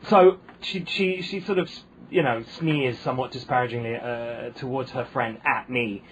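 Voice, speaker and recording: A man's voice: medium pitch, normal speed, slight background noise, poor audio. A man with a posh British accent, a comedian guest telling wry anecdotes in casual chat, full of ums and restarts. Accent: posh British English.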